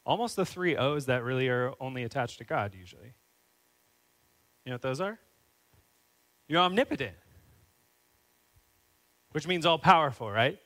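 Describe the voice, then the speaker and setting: A man's voice: mid-range voice, lively intonation, normal speed, pauses often, a bit bright, rough recording. A man preaching a sermon as a pastor, earnest and building into fervent, emphatic questions.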